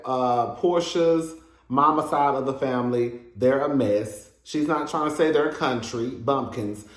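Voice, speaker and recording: A man's voice: mid-range voice, echoey room. A man giving a sassy, gossipy review of a reality show episode, with lots of laughing asides. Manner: sassy and animated, with frequent laughs and "girl". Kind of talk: casual gossipy commentary.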